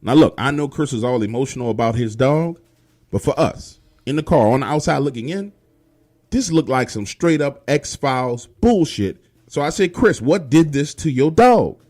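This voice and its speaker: A man telling a true horror story in a profane, animated, street-style way. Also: medium pitch, normal speed.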